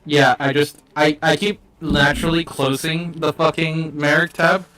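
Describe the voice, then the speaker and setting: Higher-voiced man playing a tabletop game. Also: flat delivery, a little slow, fairly bright tone, faint music behind. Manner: casual, profane. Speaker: player. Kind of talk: casual chat in a tabletop game.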